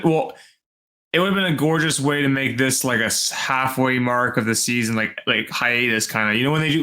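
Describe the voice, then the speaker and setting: A man co-hosting a casual review chat, jumping in with enthusiastic reactions and quick retellings of scenes. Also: mid-range voice, pushed and bright. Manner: enthusiastic, quick bursts, quotes characters.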